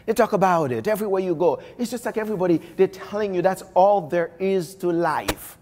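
A man's voice: sits high, animated, fairly quick, a little mellow. A man from Haiti, giving a live motivational keynote speech and speaking emphatically, repeating phrases and addressing the crowd directly. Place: large conference hall. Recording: long hall reverb from a conference room.

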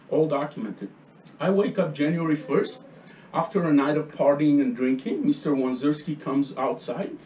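An agitated man pours out a heated public comment, jabbing "okay?" after each point. His voice sits slightly high. He sounds distant from the mic in a roomy, echoing space with a faint hum of ambience behind him. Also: a little mellow. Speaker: resident speaking at a public meeting. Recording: echoey room from far off.

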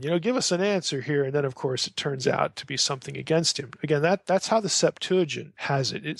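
A man's voice: mid-range voice, creaky, no echo, studio quality. A man giving an informal lecture on scripture, talking conversationally, often restarting phrases and reading passages aloud. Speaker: Bible scholar lecturing.

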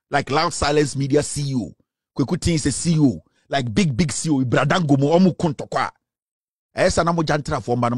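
A man's voice: on the high side, husky, dry recording, studio quality. A man with a Ghanaian accent giving a scornful political commentary rant, hurling insults. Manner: scornful, insulting, mocking laughter.

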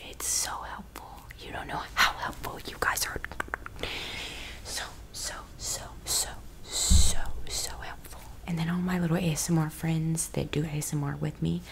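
Low-voiced woman whispering right into the mic, rambly asmr chat, swears a lot. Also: background noise. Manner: rambling, casual, with frequent cussing. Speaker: ASMR creator. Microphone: close ASMR microphone.

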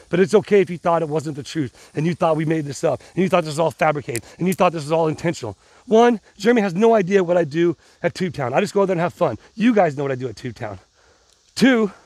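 Excitable rambling man, fairly high voice. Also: dry recording. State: pumped up on adrenaline. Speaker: vlogger. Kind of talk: casual vlog talk to viewers.

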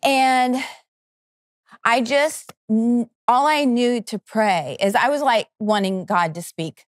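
A woman's voice: a little high, takes it slowly, dry recording, clean studio sound. A middle-aged woman, a network co-founder, giving an earnest, fervent personal testimony that halts and restarts as she acts out her prayers. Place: television studio.

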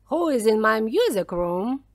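Storybook ghost pirate, proud and loud, slow drawn-out lines; a woman plays him, dry close sound. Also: medium pitch, sing-song, dry recording. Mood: angry.

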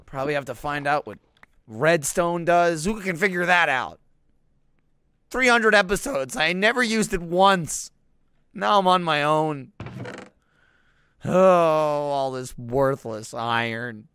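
A young man doing comedic gameplay commentary, acting out melodramatic mock grief. He swings between shouts and mutters and swears freely. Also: on the high side, slow, long pauses, smooth, no echo. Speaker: let's play gamer.

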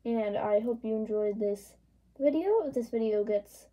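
An art channel host playfully chats her way through her doodles, reading prompts in bright, lively voices. She speaks a little slowly in a slightly high voice, and the recording's high frequencies are cut off.

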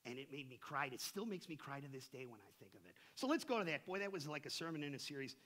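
A middle-aged male pastor preaching a sermon in a church, conversational and full of slang, swinging between hushed asides and impassioned shouts. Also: medium pitch, animated, quick pace. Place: church sanctuary.

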